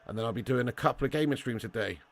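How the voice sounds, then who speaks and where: A man's voice: medium pitch, expressive, rapid-fire, no room sound. A young man hosting a casual live watch-along, reading chat and bantering with viewers as lad and mate.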